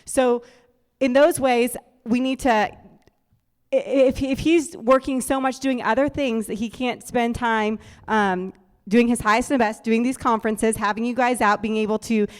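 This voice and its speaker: A woman's voice: fairly high pitch, fairly even intonation, a little slow, clear, resonant tone, big-room sound. A woman co-hosting a business talk, explaining earnestly and steadily with a few fillers. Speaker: co-host, business partner. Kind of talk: speaking at a business conference.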